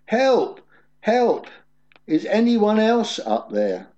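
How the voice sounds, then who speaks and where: A man voicing a desperate man stranded on a cliff, yelling and pleading for help. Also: fairly high pitch, big pitch swings, slow pace, pitched above the performer's own voice. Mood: panicked. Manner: frantic pleading yells. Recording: dull lo-fi recording.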